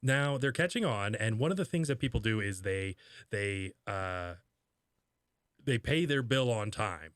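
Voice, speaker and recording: A man's voice: fairly low pitch, lively intonation, measured pace, fairly bright tone, no room sound, clean studio sound. A man co-hosting a podcast in casual comedic chat, sarcastic and jokey with mock outrage and frequent laughs. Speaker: podcast co-host.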